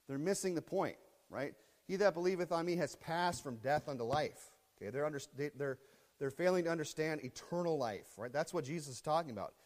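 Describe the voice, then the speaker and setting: A man preaching a sermon with fervor, reading scripture loudly and often checking in with the congregation. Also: a little high, lively intonation, fairly quick, long reverb tail. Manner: fervent preaching, reads scripture loudly, checks in with "okay?" and "right?". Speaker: pastor.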